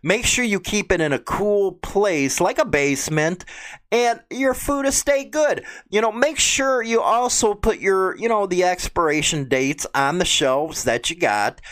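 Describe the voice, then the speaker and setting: A man's voice: sits high, lively intonation, unhurried, a bit bright. A man with a Chicago accent who swears constantly, reads out news and angrily mocks it. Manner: crude, indignant, swears a lot. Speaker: vlogger. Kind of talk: profane political rant.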